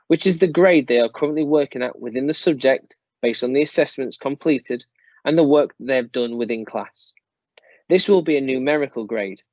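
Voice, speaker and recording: A man giving a formal, measured presentation to parents as a school staff member. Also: medium pitch, darkish tone, dry recording. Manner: measured, formal, explanatory delivery. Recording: slightly dull, dry close recording.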